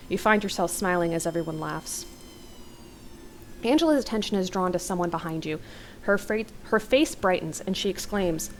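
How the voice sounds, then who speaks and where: A woman's voice: on the low side, animated, brisk, slight background noise, poor audio. A young adult woman reading an interactive horror novel aloud as a let's-play host, with casual, wry asides.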